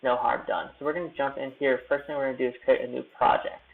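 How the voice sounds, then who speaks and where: Gravelly young man on a tinny stream. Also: mid-range voice, quick pace. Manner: relaxed, rambling, self-deprecating. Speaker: YouTube creator live-streaming. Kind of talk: casual live-stream chat. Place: hotel room. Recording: tinny phone-like audio.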